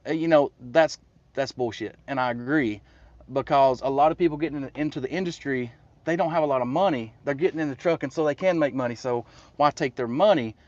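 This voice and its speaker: A man's voice: medium pitch, a little fast, a little mellow, dry recording. A man telling a story in a casual, blunt, plainspoken way. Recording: dull, dry sound.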